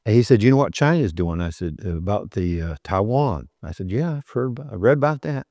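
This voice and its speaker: An older man preaching a sermon, telling a story and rising to emphatic points, then slowing down to read scripture. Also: on the low side, expressive, warm tone, no echo.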